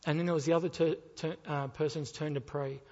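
High-pitched guy preaching hard, loud then quiet, big echoey church hall, kinda muffled audio. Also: fairly even intonation, a little fast. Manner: impassioned, rising and falling between loud appeals and quiet pleas. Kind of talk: sermon. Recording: dull reverberant hall sound.

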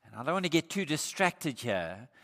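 A male pastor preaching an emphatic sermon, slowing down to stress key points. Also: a little high, very animated, a bit bright. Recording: echoey hall.

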